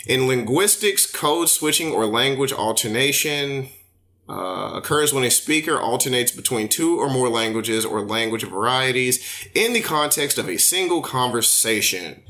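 Bright-voiced man reading notes on a podcast. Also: mid-range voice, expressive, moderate pace. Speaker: podcast co-host. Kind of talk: casual chat, reading definitions aloud.

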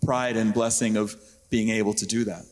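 A middle-aged man living in Israel, speaking as an interview guest in a measured, heartfelt way with frequent restarts. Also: on the low side, level tone, darkish tone, big-room sound. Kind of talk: earnest conversational interview.

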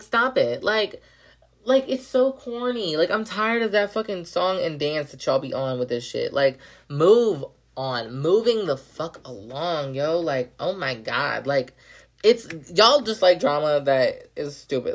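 A woman's voice: sits low, expressive, measured pace. Blunt, profane young woman ranting. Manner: repeats phrases, many "like" fillers. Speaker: podcast host. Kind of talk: casual rant monologue.

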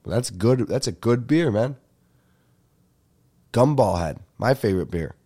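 A young man, telling a comic story as a podcast host in an animated, profane rant. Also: mid-range voice, measured pace. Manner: animated ranting with frequent profanity. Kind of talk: ranting comedic storytelling.

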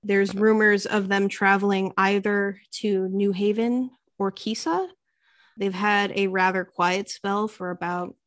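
A woman's voice: mid-range voice, no room sound. Woman GM narrating casually with lots of fillers, dry close sound. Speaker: game master. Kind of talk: narrating a tabletop game.

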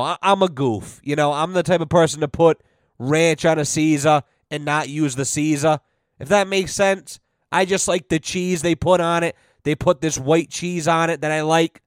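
A man's voice: fairly high pitch, smooth, dry recording, clean studio sound. A man hosting a podcast, telling a rambling, profane story in a wry, casual way. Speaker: podcast host.

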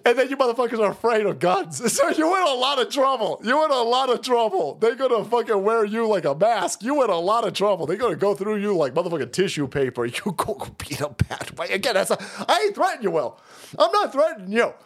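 Foul-mouthed, high-pitched ranting man. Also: very animated, brisk. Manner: foul-mouthed, mocking, laughs often. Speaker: livestream host. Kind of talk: profane livestream rant.

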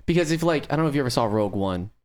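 A man co-hosting a relaxed podcast conversation in an ordinary middle voice. He is animated and swears freely, and he jumps into little acted-out quotes as he talks. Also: mid-range voice, very fast. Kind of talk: casual chat.

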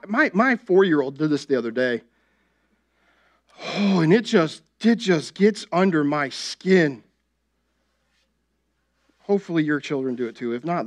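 High-voiced man preaching conversationally. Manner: conversational, asks the congregation "right?" often. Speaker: pastor. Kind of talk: sermon.

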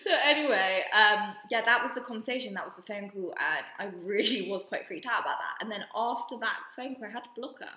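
Animated woman telling a story, echoey room. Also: mid-range voice, quick pace, few pauses. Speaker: podcast co-host. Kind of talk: casual chat.

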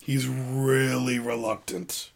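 A man's voice: mid-range voice, level tone, vocal fry. A man co-hosting a casual wrestling recap, mostly agreeing with short replies and now and then retelling a segment himself. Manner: agreeable, lots of short yeahs, occasional quick retelling. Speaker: podcast co-host.

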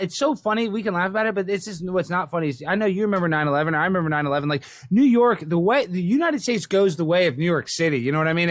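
A man from Texas hosting a casual podcast chat, excitable and animated, often stumbling over repeated words. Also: sits high, dry recording, studio quality. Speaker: podcast host.

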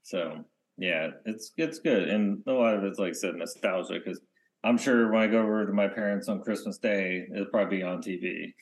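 A man co-hosting a podcast in casual chat, rambling and often trailing off into quiet mumbles. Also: sits low, moderate pace. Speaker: podcast co-host.

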